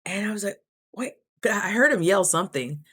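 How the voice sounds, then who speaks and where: A woman's voice: medium pitch, a little fast, husky. Chatty, laughing young woman vlogger. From Idaho. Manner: chatty, laughs often, lively quoted asides. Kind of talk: casual storytelling vlog.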